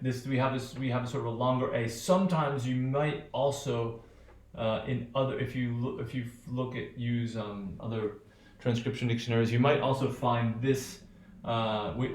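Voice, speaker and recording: A man teaching English pronunciation in a loose lecture, thinking aloud with many fillers and repeated "right?" checks. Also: medium pitch. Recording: echoey room.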